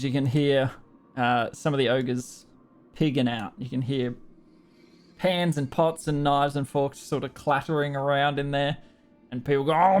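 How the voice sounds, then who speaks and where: A man's voice: medium pitch, gravelly. An Australian man narrating as game master in a casual, rambling tabletop session, laughing often.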